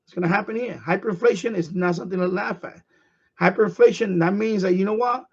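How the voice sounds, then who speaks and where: A man's voice: sits high, fast talker, gravelly, dull audio. A man ranting on his live stream, profane and heated, repeating himself.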